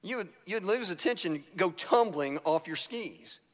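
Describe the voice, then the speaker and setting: A man's voice: high voice, lively intonation, unhurried. A man preaching a sermon as pastor, telling Bible stories in a casual way and acting out the characters' lines. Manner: storytelling, acts out biblical characters in a casual voice. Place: church sanctuary. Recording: church hall reverb.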